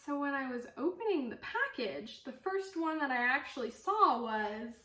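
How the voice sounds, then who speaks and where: A woman's voice: high-pitched, sing-song, normal speed, fairly bright tone, distant mic. A young woman hosting a knitting podcast from home, chatting casually and gushing, with lots of fillers. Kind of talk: casual chat to camera. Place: at home with her dog. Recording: echoey room, voice off-mic.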